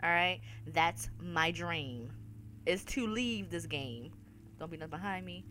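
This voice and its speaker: A woman hosting a horror let's-play speaks a little slowly in a lowish voice with lively intonation, and a slight hiss or hum sits underneath. She jumps at scares, cusses, and bursts out loudly in fright, calling viewers "y'all."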